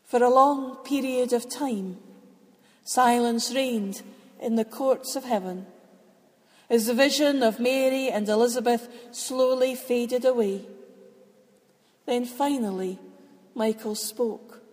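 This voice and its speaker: Female storyteller, unhurried reading, echoey hall sound. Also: a little high. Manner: expressive, voices characters lightly. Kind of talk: storybook read-aloud narration. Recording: long hall reverb.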